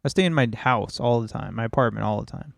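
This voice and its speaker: A man's voice: medium pitch, fast, creaky, no room sound, clean studio sound. A man co-hosting a podcast, chatting casually in a laid-back, joking way. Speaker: podcast co-host. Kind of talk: casual chat.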